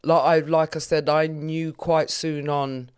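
A woman's voice: low-pitched, level tone, a little slow, darkish tone, clean tone. A woman comedian talking candidly as a guest in a podcast interview, with a frank, earthy sense of humour.

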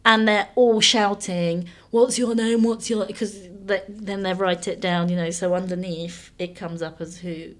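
A woman's voice: medium pitch, fairly even intonation, a little slow, hardly any pauses. A woman, animatedly telling a story in casual chat and laughing often.

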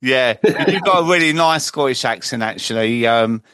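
A man's voice: medium pitch, lively intonation, moderate pace, a bit bright, dry recording. A man hosting a podcast, reading a scripted intro and then chatting with his guest in a friendly way. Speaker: podcast host.

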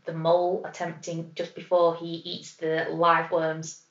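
A woman co-hosting a podcast, chatting casually with quick wry asides. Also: sits low, completely flat delivery. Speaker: podcast co-host. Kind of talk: casual chat. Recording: echoey, dull room sound.

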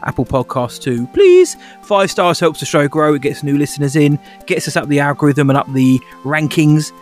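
Male co-host, slightly high voice, laid-back and giggly, faint music bed. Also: fairly even intonation, fairly quick. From United Kingdom. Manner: laughs often, easygoing. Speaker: podcast co-host. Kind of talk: casual chat.

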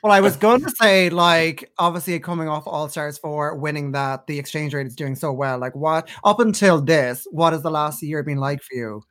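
An Irish man hosts a chat, with a somewhat high voice. He gushes over his guest and keeps the talk bubbly. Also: moderate pace, hardly any pauses, a bit bright. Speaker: host. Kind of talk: casual chat.

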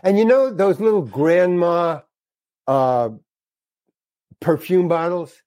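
An older man with a slightly high voice tells a show-business anecdote in a lively, profane way. The sound is dry and close, with no room around it. He slips in and out of the voices of the people he describes. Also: slow, no room sound. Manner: animated, swears freely, acts out voices. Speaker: guest actor. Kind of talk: anecdotal storytelling.

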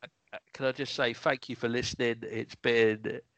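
A man co-hosting a podcast, speaking softly and earnestly in a halting, casual way. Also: mid-range voice, level tone, dry recording, dull audio. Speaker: podcast co-host. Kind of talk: casual chat.

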